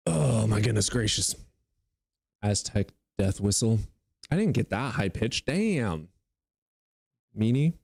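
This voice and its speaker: A man's voice: lowish voice, big pitch swings, slow, gravelly, pauses often, a little mellow, no echo, studio quality. A young man streaming live, joking and teasing his viewers in casual chat. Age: young adult.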